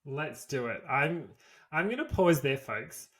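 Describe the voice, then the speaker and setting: A man's voice: fairly high pitch, very animated, measured pace, fairly bright tone, slightly rough. Man reading a history tale. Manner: casual, swears freely, reads from notes. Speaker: podcast co-host. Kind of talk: reading a history story aloud, then casual chat.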